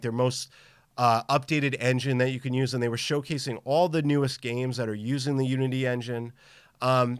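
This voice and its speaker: A man's voice: mid-range voice, a bit bright, clear, resonant tone, no room sound, studio quality. A man hosting a live gaming podcast in casual chat, upbeat and tired from travel, greeting viewers by name. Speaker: podcast host.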